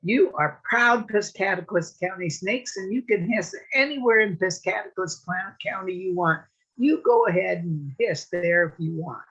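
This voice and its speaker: A woman's voice: medium pitch, fairly bright tone, husky, dull audio. A woman voicing a proud, bossy senior male snake who lectures the young snakes. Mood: indignant. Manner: preachy, indignant, quick when riled.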